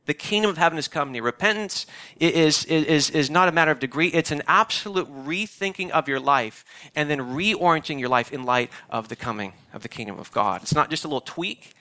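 Bright-voiced pastor preaching. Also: male voice, fairly high pitch, lively intonation, a little fast. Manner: conversational, emphatic, repeats key phrases. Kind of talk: sermon.

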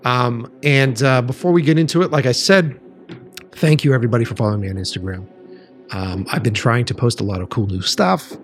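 A man hosting a podcast, talking in a loose, rambling way full of ums and restarts. He sounds tired and slow, like it is an early morning after a late night, with a pitch that sits mid-range. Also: soft background music. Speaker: podcast host. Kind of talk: casual podcast chat.

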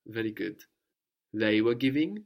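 A man gives a spoken language lesson, patiently prompting his student and slowly repeating each answer. His voice is lowish and darkish, sing-song with vocal fry.

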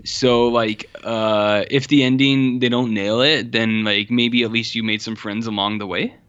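Bright-voiced casual man, cursing. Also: mid-range voice, little pitch movement, a little slow, clean tone. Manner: loose, swears freely, acts out quoted dialogue. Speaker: podcast co-host. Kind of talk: casual chat. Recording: slightly dull, lo-fi sound.

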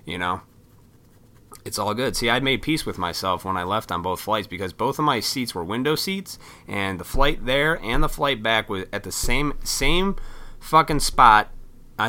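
Low but bright-sounding guy rambling through a travel story, swears a lot, does little voices for people. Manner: profane, rambling, animated retelling. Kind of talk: casual storytelling.

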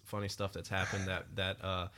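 A low-voiced man co-hosts a podcast with a bright, forceful tone. He tells his anecdote in a chatty way. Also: level tone, brisk. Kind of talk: podcast interview.

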